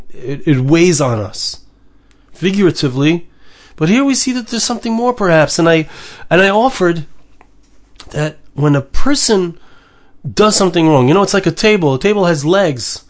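A man with a high, light voice delivers a Torah lesson as a sermon. He speaks earnestly, repeats himself for emphasis and drops Hebrew terms into his English. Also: lively intonation, moderate pace.

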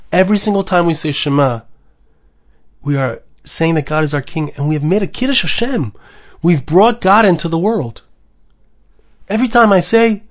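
Earnest man giving a religious talk. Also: high-pitched. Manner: earnest, rising with emphasis. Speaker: rabbi. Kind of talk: devotional podcast talk.

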